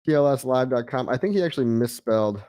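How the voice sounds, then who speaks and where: A man's voice: mid-range voice, animated, quick pace, mellow, clean tone, no room sound, studio quality. A man hosting a casual livestream, reading viewer chat in a loose, chatty way, often saying "guys" and chuckling.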